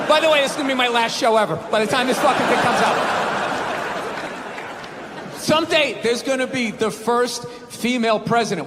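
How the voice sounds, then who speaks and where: A man doing a profane stand-up set on stage, shouting and laughing at his own jokes. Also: very high-pitched. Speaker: stand-up comedian. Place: large venue with live crowd. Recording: echoey live hall with crowd noise.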